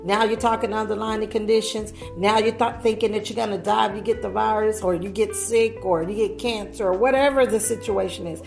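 A woman's voice: medium pitch, steady tone, fairly quick, creaky, few pauses, darkish tone, faint music behind. A woman preaching a sermon earnestly, putting rhetorical questions to her listeners.

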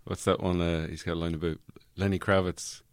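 A man's voice: sits low, level tone, brisk, clean tone, no echo. A man hosting a casual comedy podcast chat, rambling and laughing often. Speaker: podcast host. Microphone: studio microphone.

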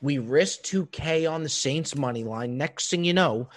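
A man's voice: on the high side, unhurried. A man co-hosting a casual comedy podcast, lecturing his co-host in a needling, mock-serious way.

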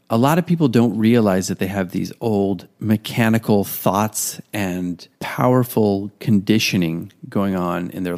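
Gravelly low-voiced man talking casually. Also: darkish tone. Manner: earnest, conversational, acts out quoted inner voices. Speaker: podcast host, artist. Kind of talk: casual monologue.

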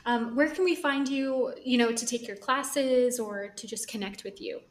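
A woman's voice: on the high side, steady tone, normal speed, echoey room, far from the mic. A woman podcast host interviewing a guest in casual chat, emphatic and appreciative, with some repeated starts.

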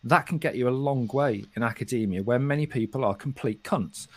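A middle-aged man from England with a softened West Midlands accent, talking frankly and swearing often as a podcast co-host. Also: mid-range voice, a little fast, no room sound. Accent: softened West Midlands English. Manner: frank and sweary, with frequent restarts. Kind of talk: casual podcast chat.

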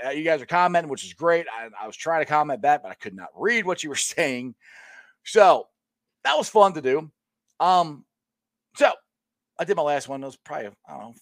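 A man's voice: mid-range voice, no echo, studio quality. A middle-aged man hosting his own sports show, talking casually and rambling to his viewers, with frequent laughs. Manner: chatty, rambling, laughs often.

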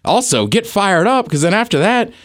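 A man's voice: high-pitched, sing-song, a little fast, a bit bright, dry recording, studio quality. A man co-hosting a podcast in casual chat, joking and laughing often. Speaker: podcast co-host.

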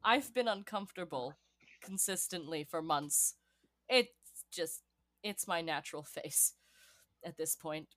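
A woman speaking in character in a halting, wry, self-deprecating way during a tabletop game. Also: low voice, animated, a bit bright, no room sound, clean studio sound. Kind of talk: in-character role-play.

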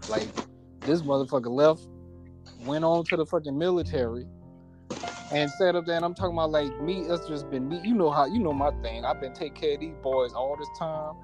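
Podcast guest guy venting, loud and cussing, music playing under him. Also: on the high side, fairly quick. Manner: animated, profane venting. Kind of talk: casual podcast chat.

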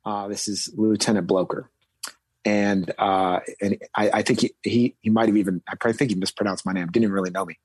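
A man's voice: fairly low pitch, fairly even intonation, fast, hardly any pauses, breathy edge, no room sound. A man telling a story from his military service, rambling with many fillers and restarts, and suddenly stressing key words. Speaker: guest recounting military service. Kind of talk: casual storytelling.

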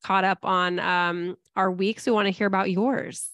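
A woman's voice: medium pitch, fairly even intonation, moderate pace, a bit bright, dry recording, highs cut off. A woman co-hosting a podcast, talking in a playful, joking way in casual chat. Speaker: podcast co-host.

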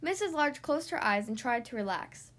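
A woman reading a children's picture book aloud, in an expressive, animated way. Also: high voice, moderate pace. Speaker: reader.

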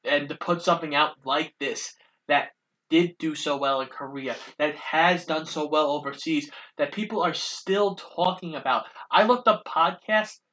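A podcast co-host with a bright, clear tone and a mid-range pitch speaks with earnest enthusiasm. The delivery is casual, relaxed and conversational. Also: a little slow, poor audio. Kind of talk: casual movie review chat.

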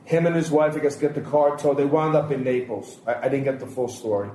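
This podcast co-host, chatting at a casual roundtable, strings together long stories with lots of quoted dialogue. His medium pitch stays fairly even, fairly quick and a little mellow. A roomy echo and faint hiss sit in the recording.

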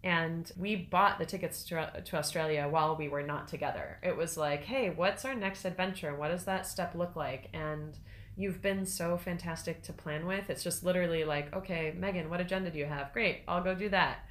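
A woman's voice: fairly low pitch, normal speed. Reflective middle-aged woman on a podcast. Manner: reflective, animated when quoting herself. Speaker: podcast co-host. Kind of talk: casual podcast conversation.

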